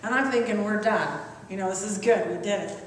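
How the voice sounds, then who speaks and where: A woman telling a lively, self-mocking comic story to a live audience. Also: medium pitch, a little fast, a little hiss or hum. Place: large hall at a live evening event. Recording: echoey hall from far off.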